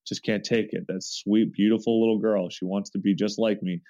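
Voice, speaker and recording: A low, mellow man's voice reads a first-person forum story aloud, earnest and often restarting mid-sentence. The sound is dry and close, with a dull, lo-fi tone. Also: flat delivery, a little fast, dry recording.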